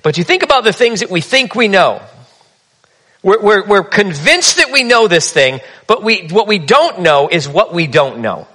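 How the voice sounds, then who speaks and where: A man's voice: high-pitched, sharp tone. A man preaching a sermon in a conversational, humorous storytelling manner. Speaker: pastor.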